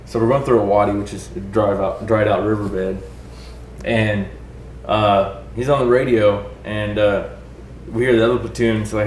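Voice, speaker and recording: A man's voice: lowish voice, steady tone, normal speed, darkish tone. A man from Texas, a veteran guest, telling a war story in a joking, casual way and acting out what people said. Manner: joking, acts out quotes. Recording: echoey room, faint noise.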